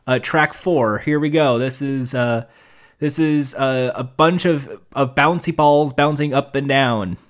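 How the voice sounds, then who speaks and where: A man's voice: mid-range voice, a little slow. A man co-hosting a casual podcast chat, rambling and joking with plenty of fillers. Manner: rambling, jokey, many fillers. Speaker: podcast co-host.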